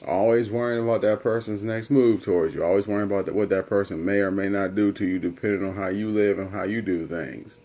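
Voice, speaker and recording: A man's voice: fairly low pitch, fairly even intonation, quick pace, hardly any pauses, dark tone, lo-fi sound. A young man vlogging, telling a personal story in a rambling, conversational way. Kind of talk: casual storytelling to camera.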